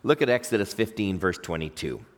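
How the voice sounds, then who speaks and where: A man's voice: low-pitched, brisk, long reverb tail. A man preaching a sermon, reading scripture and asking his listeners questions. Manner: lively, questions the congregation. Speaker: pastor.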